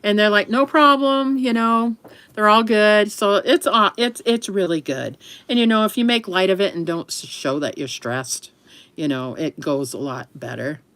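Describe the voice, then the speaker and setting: A woman's voice: mid-range voice, moderate pace, a bit bright. A middle-aged woman from the US East Coast chatting casually on a livestream, rambling with frequent laughs and self-corrections. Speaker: livestream host.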